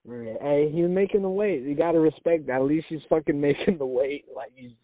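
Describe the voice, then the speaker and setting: A man's voice: on the high side, a little fast, dry recording. A man co-hosting a podcast, chatting loosely about fights with lots of cursing and laughter. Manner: loose, profane, laughing banter. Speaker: podcast co-host. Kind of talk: casual podcast chat. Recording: tinny phone-like line, dry.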